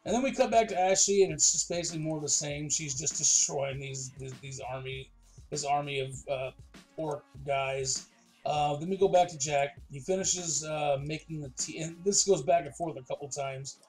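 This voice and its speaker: A young man hosts a podcast and walks through the episode in loose, chatty recap. He talks in a rambling, enthusiastic way, stumbling and restarting, and his voice sits a little high for a man. Faint instrumental music plays underneath. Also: steady tone, normal speed, darkish tone. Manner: rambling, filler-heavy, enthusiastic. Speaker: podcast host.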